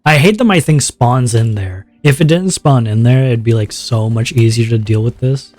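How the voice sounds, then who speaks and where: A man streaming a game, rambling in a relaxed, self-conscious way with a slightly sore throat. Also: mid-range voice, normal speed, no room sound, faint music behind. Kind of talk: casual gameplay chat.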